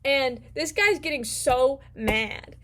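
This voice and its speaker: A woman's voice: sits high, expressive, slow pace, a bit bright. Playful woman casually recapping a book. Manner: rambling, playful, casual slang. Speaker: book vlogger.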